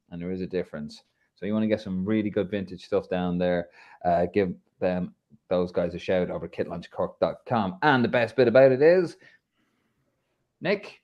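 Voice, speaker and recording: Irish man hosting a banter football podcast. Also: muffled recording. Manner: banter-filled, swears, lively swings in pitch. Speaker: podcast host. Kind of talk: casual football chat.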